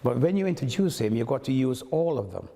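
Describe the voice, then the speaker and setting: A man's voice: mid-range voice, a little fast, creaky, in a large hall. An older man from Montserrat, a toastmaster telling stories and acting out the voices of the people in them. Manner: animated storyteller who acts out quoted speech. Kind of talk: anecdotal storytelling.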